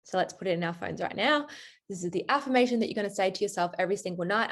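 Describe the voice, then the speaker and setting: A woman's voice: mid-range voice, animated, racing. Upbeat young woman leading a team video call, chatty and hyping everyone up, medium voice. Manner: upbeat, chatty, motivational, reads affirmations aloud. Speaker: team coach leading a recruiting session. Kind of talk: live online coaching session.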